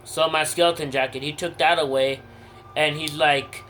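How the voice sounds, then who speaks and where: A man's voice: fairly high pitch, fairly even intonation, normal speed, sharp tone, slight background noise. A teenage boy telling a personal story to camera in a casual vlog, rambling with lots of fillers and blunt swearing. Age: teens. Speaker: vlogger.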